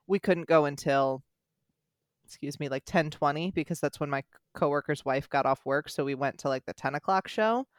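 A young American speaker in their twenties tells stories in casual podcast chat, talking fast and with a lot of energy. They often stumble and restart mid-sentence at a middling pitch. The sound is dry and close, with no room echo. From United States. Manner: quick, animated storytelling with many restarts.

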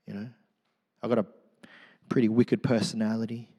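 A middle-aged man preaching a sermon in church, animated and joking, swinging from loud to hushed. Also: fairly low pitch, moderate pace, husky, long reverb tail. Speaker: pastor.

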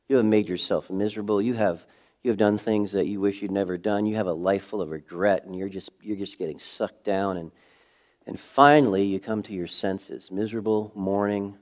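Low-voiced preaching man. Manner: conversational preaching, rhetorical questions, swings from loud to hushed. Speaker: pastor. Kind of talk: sermon.

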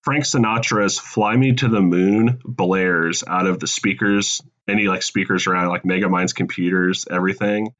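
A man casually pitching a comedic movie sequel on a podcast, laughing at his own puns. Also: steady tone, normal speed, few pauses, a bit bright.

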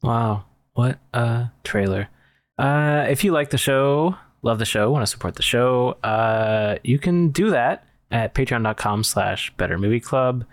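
Male podcast host, mid pitch, dry close sound, relaxed and halting. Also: dry recording. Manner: relaxed, hesitant, lots of ums. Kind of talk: casual chat.

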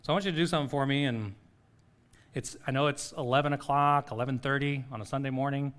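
A middle-aged man preaching a sermon as pastor, earnest and questioning, dropping to a soft, slow voice to lead a quiet reflection. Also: mid-range voice, fairly even intonation. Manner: soft-spoken guided reflection, pauses between phrases.

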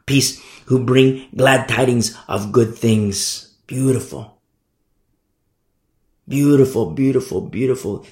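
Gravelly-voiced fervent male preacher. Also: medium pitch. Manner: fervent, swings between loud emphasis and hushed asides. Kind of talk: sermon. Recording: echoey room.

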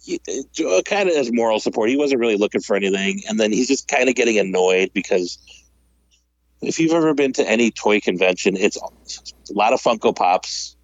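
A man's voice: lowish voice, a little fast, no room sound, dull audio. A man telling a long story in casual chat, laughing often and acting out the people he quotes. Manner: animated, laughs while telling stories, acts out quotes.

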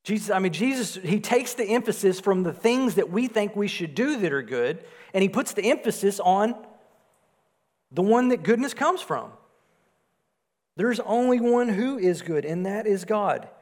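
A man preaching a sermon, swelling louder on his points and dropping soft and low on key phrases. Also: lively intonation, normal speed. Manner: rises in volume for emphasis, drops low and soft on key phrases. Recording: long hall reverb.

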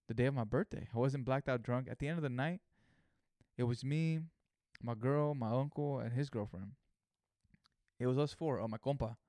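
A man in his thirties from California rambles through a personal story in relaxed, slang-heavy talk. His voice sits at an ordinary middle pitch and he peppers his sentences with "you know" and "right?". The recording is dry and close, with no room sound. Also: dry recording. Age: 30s. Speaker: vlogger. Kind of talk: casual storytelling monologue.

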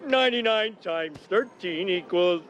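An actor voicing a bumbling, excitable middle-aged cartoon dad who talks in gushing bursts. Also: male voice, sits high, measured pace, lo-fi sound. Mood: excited. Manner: gushing, overexcited.

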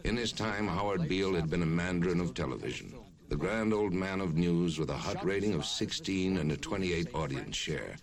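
A man with a deep gravelly voice giving a measured, scripted film narration. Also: lively intonation, a crowd in the background. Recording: film clip with music underneath.

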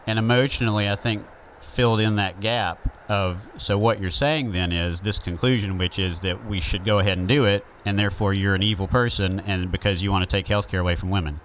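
A man's voice: fairly low pitch, fairly bright tone, slight background noise, low-quality recording. A man with a Southern accent, talking through an opinion monologue in a rambling, conversational way with many fillers.

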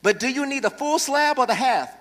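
Pastor, male, high bright voice, playful preaching, long church-hall reverb. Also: fairly quick. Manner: lively preaching with humor, calls for congregation responses. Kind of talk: sermon. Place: church sanctuary.

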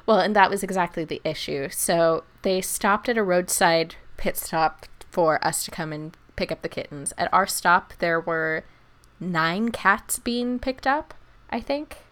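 A woman's voice: on the low side, measured pace. A woman telling a long story in a casual chat and acting out what people said. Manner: animated storyteller, acts out quotes, laughs often. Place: lives in Germany.

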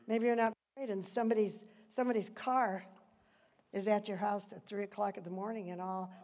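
A woman's voice: medium pitch, steady tone, brisk, a little mellow. An older woman leading an informal church Bible study, chatty and rambling, laughing often between points.

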